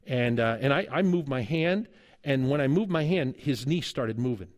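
With a mid-range voice at a moderate pace, a middle-aged man gives a sermon as a guest preacher and seminary instructor. His story is lively, funny and punctuated by chuckles.

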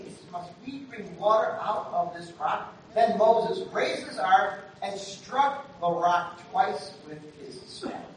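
High-voiced preacher in a very echoey hall. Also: male voice. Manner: conversational preaching that swings between quiet asides and loud emphatic bursts. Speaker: pastor. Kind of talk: sermon. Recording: very echoey room from far off, faint noise.

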